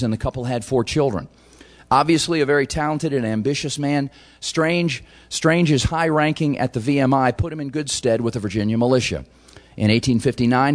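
A man lectures on history to an audience in a voice of ordinary pitch. He tells it like a story and drops in wry asides along the way.

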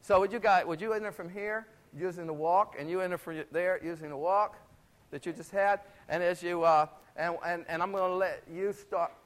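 A middle-aged man giving a lively, chatty stage talk with a demonstration, wearing a clip-on mic before a live audience. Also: high-pitched, moderate pace. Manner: animated, chatty, full of asides. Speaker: theater lecturer. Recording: faint crowd and room noise.

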